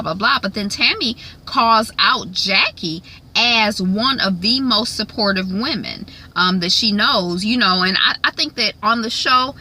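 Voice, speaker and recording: Woman doing a tv recap, bright voice, lots of ums and little laughs. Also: mid-range voice, slight background noise, poor audio. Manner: chatty, many ums, laughs often. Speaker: recap vlogger. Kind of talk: casual TV recap chat.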